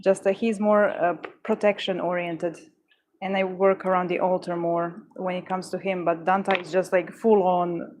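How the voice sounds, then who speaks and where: A woman's voice: on the low side, flat delivery, normal speed, a little hiss or hum. A woman hosting a livestream, chatting casually with viewers and stuttering, with frequent restarts and fillers. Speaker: livestream host. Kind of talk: casual chat answering viewers.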